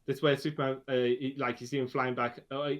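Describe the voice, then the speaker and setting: A man's voice: medium pitch, little pitch movement. Chatty man in casual film talk. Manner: chatty, repeats words, quick laughs. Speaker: podcast co-host.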